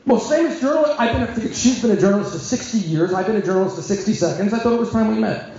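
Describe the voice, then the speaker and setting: A man, a rabbi, telling a comic, self-mocking story to an audience with sharp timing. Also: sits high, expressive, fast talker. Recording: echoey hall, dull sound.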